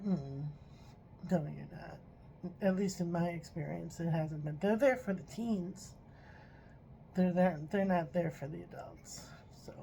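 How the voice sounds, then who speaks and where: Slow, earnest woman vlogging. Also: lowish voice, warm tone, a little hiss or hum, poor audio. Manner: earnest, frustrated, pauses to apologize. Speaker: vlogger doing tarot readings. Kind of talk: emotional personal vlog monologue.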